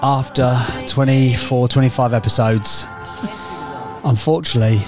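A man's voice: medium pitch, moderate pace, loud music behind the voice. A man, co-hosting a casual home podcast, joking and swearing. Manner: jokey, animated, sweary. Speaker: podcast co-host. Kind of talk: casual chat. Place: living room at home.

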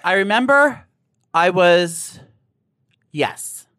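A man in a casual two-person chat, campy and quick to make fun of himself. His voice sits a little high. The sound is dry and close to the mic. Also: smooth, no room sound. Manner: campy, self-deprecating, animated.

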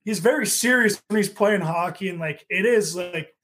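A man's voice: sits high, moderate pace, fairly bright tone, a little hiss or hum. A young man co-hosting a casual podcast chat, telling stories in a laid-back way, full of "like" fillers and swearing. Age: young adult. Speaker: podcast co-host.

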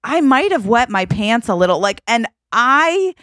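A young adult woman co-hosting a podcast, telling a story in an animated, dramatic way and tagging lines with "okay?". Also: on the high side, measured pace, dry recording, studio quality. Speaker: podcast co-host. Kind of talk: casual storytelling chat.

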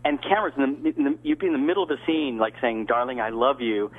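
A man's voice: on the high side, lively intonation, very fast. An older man from the American South, an actor guest telling rambling anecdotes with many restarts over a phone-like line. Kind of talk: casual interview storytelling.

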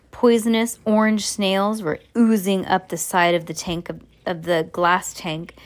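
A woman reading a story aloud at home, in a middle-pitched, unremarkable voice. She trips over words now and then and goes back to fix them. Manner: stumbles and corrects herself often.

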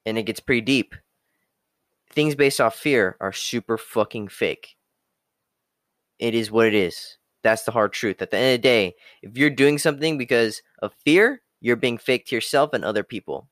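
A man's voice: medium pitch, moderate pace, a bit bright, dry recording, studio quality. A young man giving a blunt, profane motivational rant, repeating catchphrases like okay and the hard truth. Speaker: self-improvement talker.

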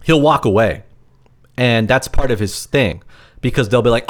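A man's voice: mid-range voice, very animated, moderate pace. A man co-hosting a podcast from his apartment, chatting casually and rambling with lots of filler words. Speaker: podcast co-host. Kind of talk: casual chat.

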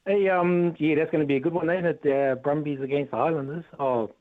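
Friendly caller on a phone line. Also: male voice, fairly high pitch, steady tone, a little fast. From New Zealand. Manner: friendly, easygoing. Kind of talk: phone-in chat.

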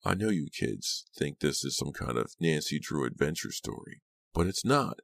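A man voicing a cold, menacing middle-aged gunman who speaks softly and dryly in an audiobook. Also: a bass voice, normal speed, vocal fry, no echo, heavily acted. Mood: threatening. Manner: soft, flat, dryly threatening. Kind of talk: audiobook character reading.

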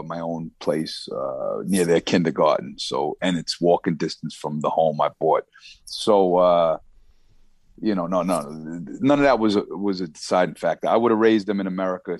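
Long Island rapper, very low voice, dry close sound, easygoing and rambling. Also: male voice, darkish tone, no room sound. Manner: laid-back, rambling with many restarts. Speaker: rapper guest. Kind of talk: casual interview chat.

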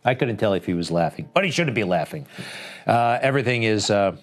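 A man's voice: on the low side, expressive, fairly quick. A man hosting a commentary show, talking over clips in an indignant, sarcastic, conversational way.

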